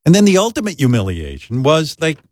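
A man's voice: fairly high pitch, brisk, no room sound. Guy host telling funny stories about himself, voice bouncing all over, dry close mic. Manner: animated, self-deprecating, jumps into quoted voices. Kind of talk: casual chat, comic storytelling.

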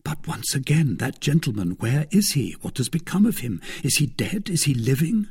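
An impetuous young swordsman, as a male reader voices him for a storybook. He presses forcefully and insistently, in a husky, gravelly voice that rises and falls with plenty of life. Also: on the high side, big pitch swings, normal speed, no echo, studio quality, pitched above the performer's own voice, full character voice. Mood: demanding.

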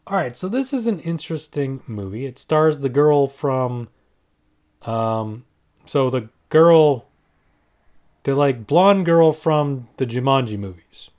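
A man's voice: mid-range voice, expressive, takes it slowly, a little mellow. A man casually reviewing movies in a rambling, offhand way, full of fillers and restarts. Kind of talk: casual movie ranking talk.

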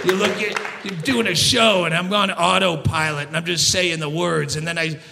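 Shouting, ranting male stand-up comedian. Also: high voice, creaky. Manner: profane angry ranting, often shouting. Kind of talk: stand-up routine. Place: live comedy stage. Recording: live show with hall reverb and audience.

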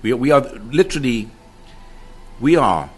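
A man's voice: mid-range voice, sing-song, normal speed, faint music behind. A middle-aged man telling of a paranormal encounter with drama, acting out quotes and repeating his phrases. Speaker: guest describing a paranormal encounter. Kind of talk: animated storytelling.

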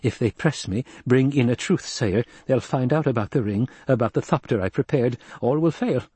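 A tense, guarded doctor thinks his way through danger, as a male reader plays him. His voice is husky and stays close to the reader's own. The recording is dry, like a studio audiobook. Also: mid-range voice, normal speed, mellow, no echo, close to an everyday voice. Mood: brooding. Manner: hesitant, guarded. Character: anxious male doctor, traitor. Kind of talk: audiobook narration.

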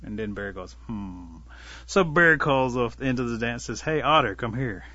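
A man's voice: medium pitch, animated, sharp tone, lo-fi sound. Man telling an animal folktale. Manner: unhurried folksy telling, voices the animals lightly. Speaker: storyteller. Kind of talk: oral storytelling of a traditional tale.

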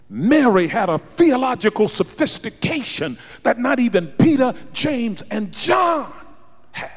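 Dramatic preacher with a soaring voice. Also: male voice, in a large hall. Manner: dramatic, swinging between hushed lows and shouted highs. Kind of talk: sermon.

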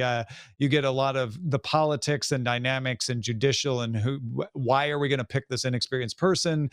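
A man hosting a casual talk show, leading the discussion with quick asides and questions to his co-hosts. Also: mid-range voice, clean tone, no echo, studio quality. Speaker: podcast host. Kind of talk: casual chat.

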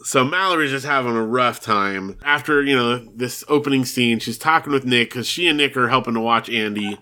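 A man's voice: medium pitch, fairly quick, pushed and bright. A man co-hosting a podcast, casually recapping a TV episode, laughing often and acting out the characters' lines. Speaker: podcast co-host.

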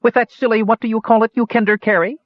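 A man's voice: extremely high pitch, wildly swooping pitch, normal speed, gravelly, slightly rough, dry recording, muffled recording, voice pushed up, exaggerated voice. A man playing a haughty, incredulous elf. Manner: dismissive, arch.

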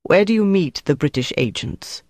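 A reader voicing a calculating German officer, speaking in a measured, coolly menacing way. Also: male voice, on the high side, lively intonation, no echo, clean studio sound, natural voice. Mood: cold, measured. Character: cold, calculating German officer interrogating a prisoner.

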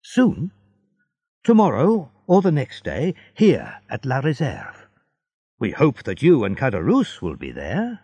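A man's voice: mid-range voice, huge pitch swings, slow, dark tone, slightly rough, dry recording, pitched above the performer's own voice, heavily acted. A man voicing an earnest, happy young sailor in a storybook reading, sincere and eager.

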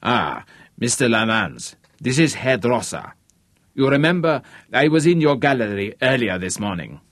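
A man's voice: medium pitch, very animated, normal speed, fairly bright tone, dry recording, clean studio sound. A man voicing a nervous young man faking a German accent, hesitant and stiffly formal. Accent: put-on German.

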